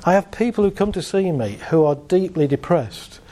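A man working as a therapist, calmly guiding a group through a visualization exercise and laughing lightly between points. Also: high-pitched, normal speed.

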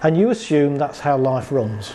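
A very animated man with a warm, highish voice speaks at normal speed about anxiety and relationships. He acts out scenes and laughs with his audience in a chatty talk, and the recording carries a little hiss or hum.

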